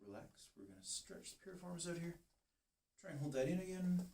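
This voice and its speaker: A man working as a chiropractor, calmly talking a patient through muscle tests and encouraging her step by step. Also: on the high side, a little fast. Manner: calm, steady, encouraging coaching. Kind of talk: giving instructions during a treatment session. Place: treatment room. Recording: roomy, distant, faint hiss.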